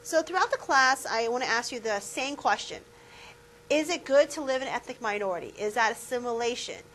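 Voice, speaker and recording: Speaking fairly quickly in an expressive, fairly high and somewhat bright voice, a woman professor gives a classroom lecture. She talks conversationally, asks her students questions, and uses lots of fillers, captured in a low-quality recording with slight background noise.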